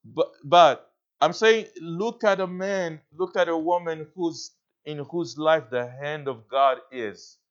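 A man's voice: a little high, takes it slowly. A man preaching a sermon as a pastor, earnest and emphatic, often restarting his phrases and checking in with the listeners. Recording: dull lo-fi recording.

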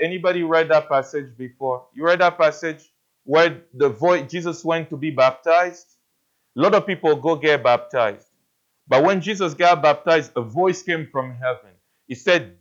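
A man's voice: on the high side, measured pace, lo-fi sound. A man preaching a sermon, earnest, putting repeated questions to his listeners. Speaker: pastor.

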